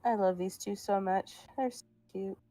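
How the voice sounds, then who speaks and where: A woman's voice: medium pitch, steady tone, normal speed, dark tone, no room sound, faint music behind. A young woman chatting casually while drawing on a stream, laughing and swearing now and then. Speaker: streamer making art.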